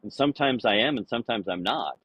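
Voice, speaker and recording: A man with a husky, somewhat breathy voice rambles through anecdotes, filling his talk with "you know" and jumping into higher voices for the lines he quotes. The sound is dry and a little dull, like a simple podcast mic. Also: animated, fast, no echo. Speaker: podcast guest. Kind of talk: casual conversational storytelling.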